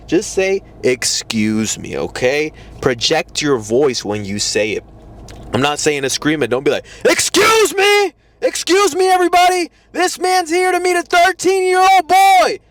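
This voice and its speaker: A man giving casual dating advice in a blunt, profane way, often mocking how other guys talk. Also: a little high.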